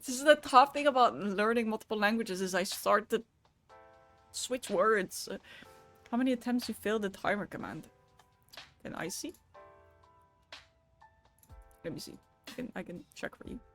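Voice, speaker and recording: A woman's voice: medium pitch, animated, normal speed, pauses often, fairly bright tone, soft background music. A woman chatting casually on a live stream, laughing often, swearing now and then and switching between languages.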